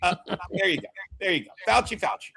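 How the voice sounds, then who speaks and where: A man hosting a casual political chat show, loud and emphatic, joking and shouting his punchlines. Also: high-pitched, lively intonation, fast, vocal fry, slightly rough. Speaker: podcast host.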